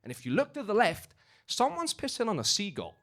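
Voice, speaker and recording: A man's voice: high voice, fairly quick. A young man from Romania performing a stand-up comedy set in a club basement, telling stories with lots of filler words. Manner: animated storytelling with filler words.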